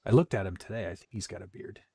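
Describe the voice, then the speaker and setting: Guy cohosting a live stream, low voice, joking around, super dry close sound. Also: fast talker, gravelly, mellow, slightly rough, no room sound. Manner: joking, teasing, reads viewer comments aloud. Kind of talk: casual chat.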